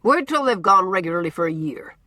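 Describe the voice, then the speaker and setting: A woman voicing a brisk, outspoken older village woman with blunt, gossipy opinions. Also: lowish voice, big pitch swings, a bit bright, dry recording.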